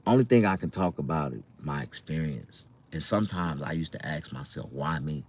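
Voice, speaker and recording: Middle-aged Southern man, very low voice, loose and profane, chatting his life story to viewers. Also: lively intonation, fairly quick, a little mellow, husky. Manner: loose, profane, conversational with many fillers. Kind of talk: casual livestream storytelling.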